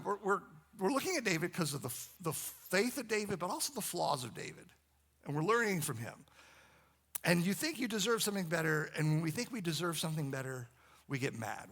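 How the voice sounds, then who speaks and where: A man's voice: on the high side, vocal fry, fairly bright tone. A man preaching a sermon, repeating phrases and building emphasis as he goes. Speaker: pastor.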